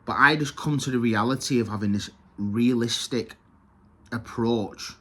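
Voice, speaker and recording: A man's voice: mid-range voice, moderate pace, sharp tone. A man giving an earnest, confessional talk on his own video, often repeating words as he searches for them. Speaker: self-help video host. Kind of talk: reflective personal talk to camera.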